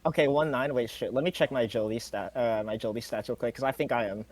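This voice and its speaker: A man's voice: mid-range voice, racing. A man playing a tabletop game, restarting his sentences and swearing often. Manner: stammering restarts, frequent swearing. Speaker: player.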